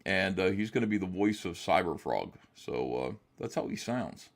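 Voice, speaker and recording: A man's voice: sits low, sing-song, moderate pace, gravelly. A man chatting casually as a guest on an interview show, rambling and hesitant with many fillers. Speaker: guest comic artist.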